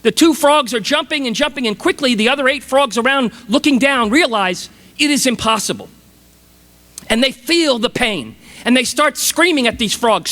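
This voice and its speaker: Enthusiastic guy doing a commencement speech, dramatic storyteller, bright voice, PA mic. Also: extremely high pitch, big pitch swings, moderate pace, long reverb tail. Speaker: commencement speaker. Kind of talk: motivational speech. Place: large graduation ceremony venue.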